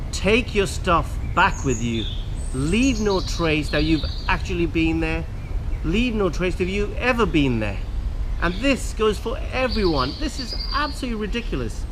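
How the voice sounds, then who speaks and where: A man's voice: high-pitched, background noise. A man vlogging outdoors by a river, earnestly urging viewers not to litter. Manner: earnest ranting appeals to viewers. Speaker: hiking vlogger. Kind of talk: outdoor vlog talk to camera.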